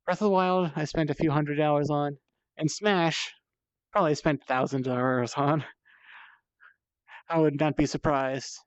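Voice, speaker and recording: A VR streamer rambles chattily and self-deprecatingly while playing, tired and thirsty from the climb, swearing when strained. His voice is on the high side, clean and fairly even, unhurried with frequent pauses. The headset mic gives a dull, slightly lo-fi, dry sound with no echo.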